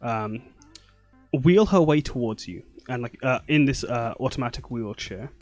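A man narrating a tabletop game as dungeon master, rambling along with plenty of fillers in a mid-pitched voice. Faint music plays underneath him. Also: animated, normal speed, no room sound.

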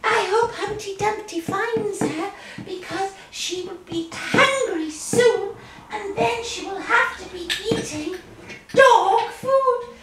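Woman as magic teapot, very high voice, sing-song, soothing, echoey. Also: takes it slowly. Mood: kindly. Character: kind motherly magic teapot. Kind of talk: children's puppet show. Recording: roomy echo.

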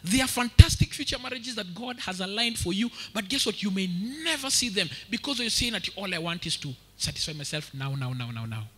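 A young Kenyan man preaching a story-filled sermon in a lively way, switching between English and street slang and acting out the voices in his story. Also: high-pitched, a little fast, hardly any pauses, breathy edge. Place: large church hall. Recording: echoey hall with long reverb.

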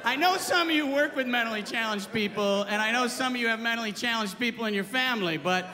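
A male stand-up comedian telling a true story on stage, animated, swearing freely and jumping into character voices. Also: extremely high pitch, quick pace. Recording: reverberant club with clear background noise.

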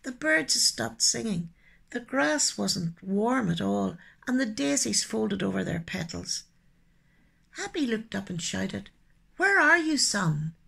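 A woman telling stories to children, her voice husky and strongly gravelly. She swings her pitch widely, lingers on lines and sometimes drops into hushed asides. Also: unhurried. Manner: expressive, with soft hushed asides. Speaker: storyteller and poet. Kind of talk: children's storytelling.

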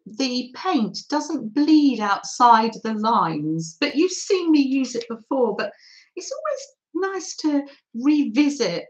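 A woman's voice: fairly high pitch, darkish tone, lo-fi sound. A woman hosting a live mixed-media art demo, chatting and thinking aloud as she paints and reading out viewers' comments. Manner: reads out and thanks viewers' comments. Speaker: craft livestream host.

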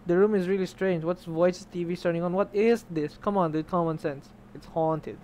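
Young man, gaming streamer, casual chatter, slightly high voice, faint background noise. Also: fairly even intonation, brisk, a little mellow. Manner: chatty, swears, reads game text aloud. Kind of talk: casual let's play commentary.

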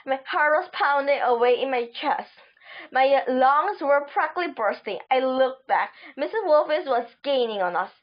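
A woman reading a children's book aloud, halting and stumbling over words. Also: high-pitched, expressive. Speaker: audiobook reader. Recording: dull lo-fi recording.

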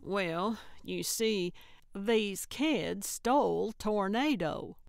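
A woman's voice: medium pitch, very slow, vocal fry, dry recording, clean studio sound. A woman reading the part of a blunt, cantankerous old woman sleuth in an audiobook, with a grumbling, plain-spoken manner.

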